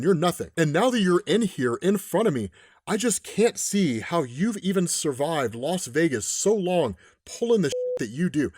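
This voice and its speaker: A man's voice: fairly high pitch, a little mellow, no room sound, studio quality. A man reading as a sneering crime boss. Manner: sneering, profane threats. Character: menacing male crime boss, contemptuous and bullying.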